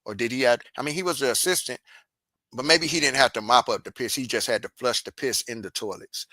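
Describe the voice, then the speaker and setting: A woman's voice: extremely low pitch, fairly quick, bright, forceful tone, no room sound. A woman hosting a reaction channel, commenting bluntly with heavy profanity and repeating her points.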